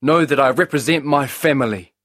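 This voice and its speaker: A man's voice: mid-range voice, a little fast, a bit bright, no echo, studio quality, pitched above the performer's own voice, lightly acted. A man voicing a bold young male trickster hero in a storybook, earnest and grand.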